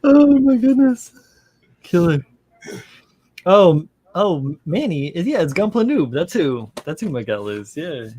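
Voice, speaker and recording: A man's voice: fairly high pitch, big pitch swings, measured pace, breathy edge, dry recording. Giggly man hosting a casual stream. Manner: giggly, shouting out chat names. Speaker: stream host. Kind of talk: casual livestream chat.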